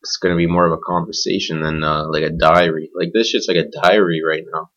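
Talking fairly quickly in a low voice with a steady, fairly bright tone, a podcast host improvises a blunt, profane solo rant that wanders all over. It's captured as a dull lo-fi home recording.

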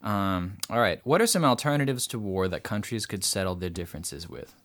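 A man hosting a casual chat, relaxed and hesitant, with lots of fillers. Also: low-pitched, fairly quick. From United States. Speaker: podcast host.

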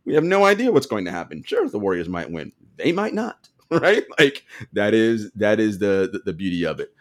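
A man's voice: on the low side, wildly swooping pitch, normal speed. A man co-hosting a casual sports podcast, telling stories animatedly and laughing often. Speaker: podcast co-host.

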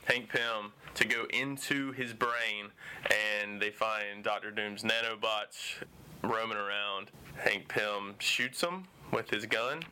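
A man's voice: fairly low pitch, steady tone, slow, sharp tone. A man co-hosting a comic book show, summarizing an issue in a laid-back, plain way. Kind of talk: casual comic review chat.

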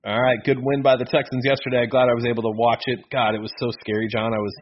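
A man co-hosting a casual sports podcast, rambling and excitable, often correcting himself mid-sentence. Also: medium pitch, quick pace, breathy edge. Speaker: podcast co-host. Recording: dull lo-fi podcast audio.

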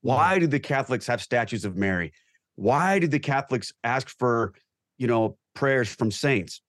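A man's voice: medium pitch, expressive, normal speed, dry recording. Earnest male guest, dry close sound. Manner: earnest, emphatic, reflective. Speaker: guest, Catholic convert. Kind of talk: earnest talk show discussion.

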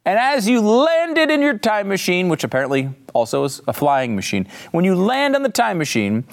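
A man's voice: sits high, wildly swooping pitch, normal speed, creaky. A man hosting a political talk show, delivering sarcastic commentary in a mocking, theatrical way. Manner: mocking, theatrical, jumps between voices. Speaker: podcast host.

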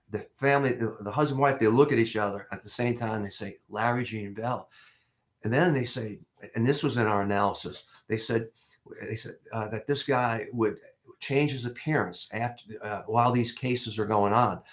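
An older man, a former investigator, telling a case story in an interview, with many restarts and lively rises in pitch. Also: moderate pace.

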